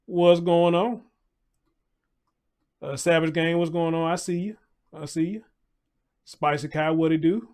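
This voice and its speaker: Man, high voice, casual livestream host, loose and repetitive. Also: steady tone, a little slow, pauses often. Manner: loose, conversational, repeats phrases, shouts out chat viewers.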